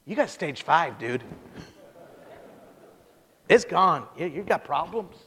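A woman's voice: sits low, big pitch swings, slow pace, a bit bright, slightly rough, big-room sound, voice pushed down, full character voice. A man preaching, voicing a blunt, matter-of-fact female cancer doctor in a story. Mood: exasperated.

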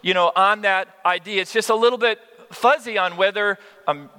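A male pastor preaching with earnest, animated energy, his voice high and bright. He stumbles and restarts as he presses his point, and long reverb from the hall trails after him. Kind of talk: sermon.

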